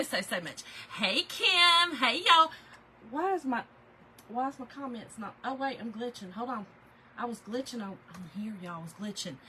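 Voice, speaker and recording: A woman's voice: fairly high pitch, bright, forceful tone, a little hiss or hum, low-quality recording. A middle-aged woman, hosting a casual craft live stream, chatty and laughing, greeting viewers by name from her craft room.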